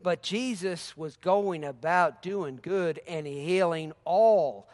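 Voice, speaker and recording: A man preaching a lively sermon, laughing often and calling out hallelujah. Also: a little high, slow pace.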